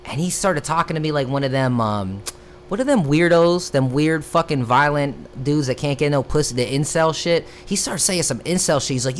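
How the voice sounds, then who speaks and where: A young man from Florida, a rapper hosting a live stream, telling stories in casual chat with a lively, profane delivery. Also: fairly high pitch, a little hiss or hum. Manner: animated, profane, drawn-out "bro" asides.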